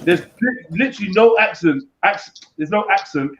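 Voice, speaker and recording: Loud teasing man on a stream. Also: high-pitched, animated, normal speed, a crowd in the background. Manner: loud, teasing, laughs often. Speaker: live stream host. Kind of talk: casual panel banter. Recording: muffled streaming audio.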